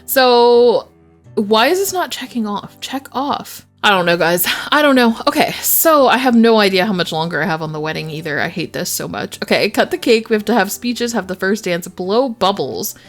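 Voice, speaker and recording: A woman giving chatty, excitable commentary while playing a life simulation game, narrating the characters and reacting to glitches. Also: medium pitch, moderate pace, faint music behind. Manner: chatty, excitable, squeals when delighted. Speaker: gaming YouTuber. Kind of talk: casual Let's Play commentary.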